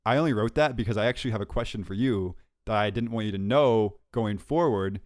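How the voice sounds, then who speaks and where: A young man co-hosting a podcast, telling a story in a lively, self-mocking way and laughing often. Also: fairly low pitch, fairly quick, no echo, studio quality. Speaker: podcast co-host. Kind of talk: casual chat, storytelling.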